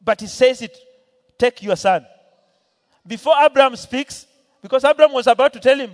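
A man preaching in a church hall, his voice sitting high for a man and ringing out with a long reverb. He tells a Bible story with swings in pitch and loudness, acting out the characters and calling questions to the congregation. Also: moderate pace, pauses often. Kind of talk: sermon.

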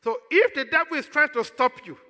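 A man's voice: extremely high pitch, animated, brisk, bright, forceful tone, long reverb tail. A man with a Nigerian accent preaching a sermon as pastor, throwing questions out to the congregation for them to answer.

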